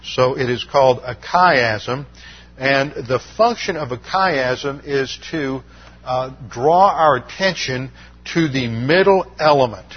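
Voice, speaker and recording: A man teaches Scripture verse by verse in a measured, methodical way, pausing on Greek words and filling gaps with "uh." His voice is husky and mid-pitched. The recording sounds dull and lo-fi. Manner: methodical, explains Greek terms, frequent uh fillers. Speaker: Bible teacher.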